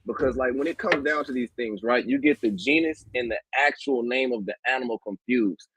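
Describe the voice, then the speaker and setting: A man's voice: mid-range voice, brisk, fairly bright tone, slight background noise, poor audio. A man in a heated online debate, mocking his opponent while lecturing on animal classification.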